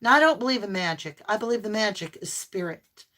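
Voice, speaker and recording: Effusive woman giving a bright tarot reading. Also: medium pitch, lively intonation, a little fast. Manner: effusive, exclaiming, affirming. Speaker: tarot reader. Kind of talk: live tarot reading to viewers.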